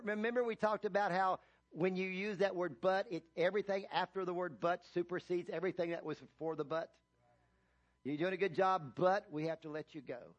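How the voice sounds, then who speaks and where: A man, a pastor, preaching a sermon, retelling a story with many restarts and building to loud emphatic reading of scripture. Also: on the high side. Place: church.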